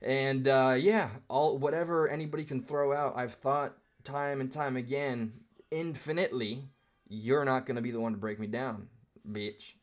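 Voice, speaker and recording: A man's voice: medium pitch, fairly even intonation, normal speed. A male streamer giving live commentary on a clip in a rambling, reflective style, with casual swearing.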